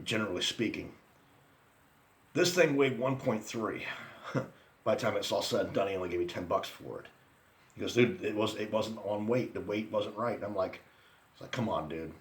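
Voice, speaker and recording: Pitched on the low side, this man in his forties talks at a moderate pace and pauses often. A vlogger, he rambles through profane stories about his friends and his past in a casual rant, chuckling at his own anecdotes.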